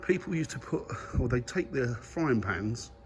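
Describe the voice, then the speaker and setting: Speaking a little slowly but animatedly in a medium pitch, this vlogger walks through a museum's grounds and aircraft halls, enthusiastically talking to his audience on a handheld camera. Faint music plays under noisy ambient sound.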